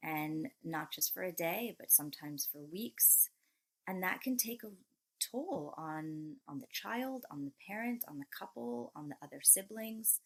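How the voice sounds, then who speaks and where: Reflective woman with a lowish voice. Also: lively intonation, low-quality recording. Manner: reflective, measured, pauses to rephrase. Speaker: guest, mother of three. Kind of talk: heartfelt interview conversation.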